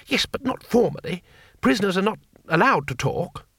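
A man voicing an excitable, naive little foreign tourist who sounds innocent and earnest. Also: high voice, moderate pace, slightly rough, dry recording, studio quality, voice pushed up, heavily acted. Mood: eager.

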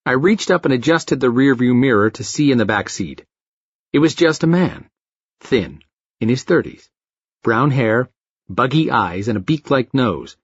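A man narrating a story in the first person, frantic and profane, with dark comic flair, in a dry, slightly muffled recording. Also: medium pitch, lively intonation, a little slow, breathy edge, dry recording.

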